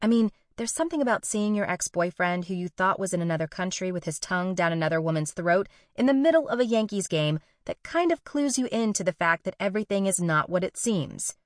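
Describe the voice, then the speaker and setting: A woman's voice: lowish voice, lively intonation, fairly quick, hardly any pauses, dry recording. Wry young woman narrating, dry sound. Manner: wry, sarcastic, profane. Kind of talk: first-person audiobook narration.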